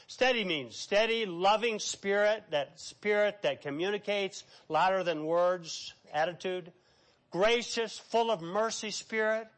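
A man's voice: high voice, measured pace, a bit bright. A man preaching a sermon, reading scripture aloud and acting out quotes with a dramatic, preachy delivery. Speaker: pastor.

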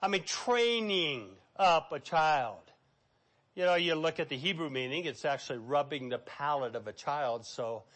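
Emphatic high-voiced male preacher. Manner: emphatic, swings between loud and soft. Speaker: pastor. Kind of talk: sermon.

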